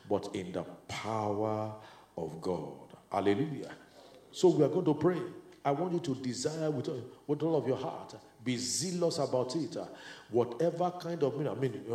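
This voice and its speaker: A man leading group prayer at a leaders' retreat, preaching in a halting way with many filler sounds and turning to fervent prayer in tongues. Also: mid-range voice, mellow. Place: retreat meeting room. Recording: echoey room.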